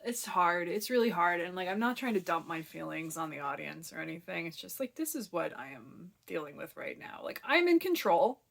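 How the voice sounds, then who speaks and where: A young woman talking candidly to her camera at home in a personal vlog, emotional and halting, at times tearful and out of breath. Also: lowish voice, sing-song, vocal fry. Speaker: vlogger. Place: home, kitchen and living room.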